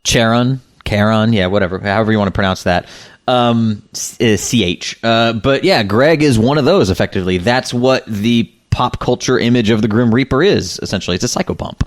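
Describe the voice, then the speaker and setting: A man's voice: on the low side, brisk. A man co-hosting a podcast in casual chat, rambling with lots of fillers and restarts, laughing often. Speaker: podcast co-host.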